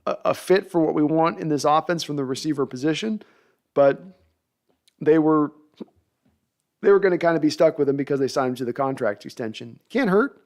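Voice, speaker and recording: A man's voice: on the high side, fairly quick, a little mellow. A man hosting a live sports talk show, reading viewer comments and analyzing players in a conversational, thinking-aloud way. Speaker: podcast host.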